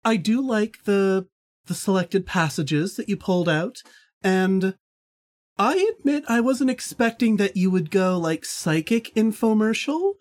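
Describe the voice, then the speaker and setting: A woman's voice: mid-range voice, expressive, measured pace, a little mellow. A woman co-hosting a podcast in casual chat, teasing and hesitant with fillers. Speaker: podcast co-host.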